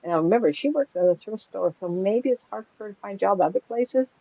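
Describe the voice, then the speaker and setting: An older woman, a psychic medium, telling anecdotes in a chatty, animated way and laughing often as she talks. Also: mid-range voice, quick pace. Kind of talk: casual storytelling in an interview. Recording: dry, slightly dull lo-fi sound.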